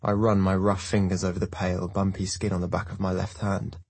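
Man narrating a novel in first person, low and husky, dry close sound. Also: level tone, a little fast, a little mellow, dry recording. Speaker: audiobook narrator. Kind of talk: scripted narration.

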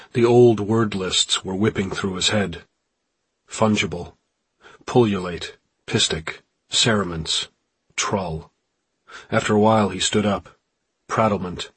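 A man reading a novel aloud in measured scripted narration. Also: low-pitched, fairly bright tone, husky, no room sound. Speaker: audiobook narrator.

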